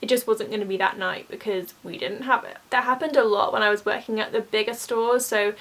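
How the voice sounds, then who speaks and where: A woman's voice: mid-range voice, fairly even intonation, a little fast, a bit bright. A young woman telling work stories in a chatty, exasperated way, full of "like". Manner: chatty, exasperated, uses "like" often. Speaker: vlogger, former theme park cast member. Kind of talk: casual storytime.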